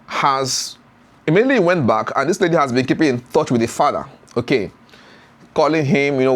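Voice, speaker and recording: A man, retelling a story as a YouTube commentator with many fillers and acted-out voices. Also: mid-range voice. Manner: animated retelling with frequent fillers, acts out voices.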